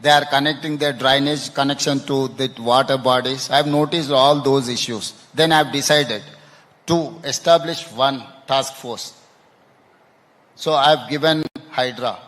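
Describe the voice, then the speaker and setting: A man answering interview questions on stage, halting and repeating words, often ending with "no?". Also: medium pitch, fairly bright tone. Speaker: chief minister interviewed on stage. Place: conference hall stage. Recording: long hall reverb.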